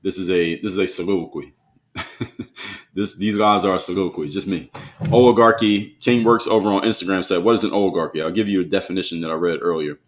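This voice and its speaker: A man runs a solo live stream. He answers viewers' comments one by one in a relaxed, conversational tone and pushes back firmly when he disagrees. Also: low voice, fast talker.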